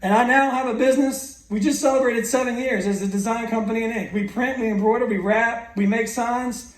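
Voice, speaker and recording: A man's voice: very high voice, fairly even intonation, a little fast. A man in his thirties giving an earnest motivational speech to a graduating class, telling his own story with frequent restarts. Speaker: guest speaker. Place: large school hall. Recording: echoey hall from far off.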